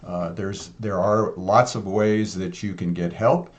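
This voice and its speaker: A man's voice: low-pitched, steady tone, unhurried. Upbeat man co-hosting a chat. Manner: upbeat, jokey, many fillers. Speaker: co-host. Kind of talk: casual chat.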